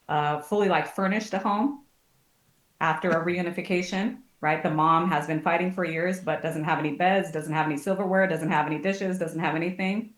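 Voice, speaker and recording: Woman with a low voice, telling stories on a podcast, does the voices of people she quotes. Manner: animated storytelling, acts out quotes. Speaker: guest, family advocate. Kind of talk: casual podcast interview. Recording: echoey room.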